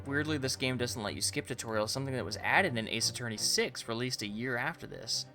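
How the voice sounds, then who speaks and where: A man's voice: medium pitch, animated, a little fast, sharp tone, faint music behind. Chatty man joking through a game. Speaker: streamer playing a game. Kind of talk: casual chat.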